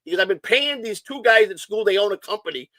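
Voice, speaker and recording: A middle-aged man from Chicago telling hyper, rapid stories in casual chat, swearing freely. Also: sits high, expressive, sharp tone, dry recording. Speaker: guest.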